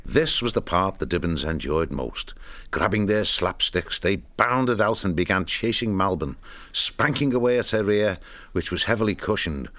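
A man reading a storybook aloud in a measured, expressive narration. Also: low-pitched, no echo.

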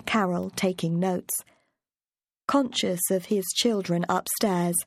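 Reading an audiobook chapter, a woman narrates a script in a measured, even storytelling manner. She has a fairly low-pitched voice, captured at studio quality without echo.

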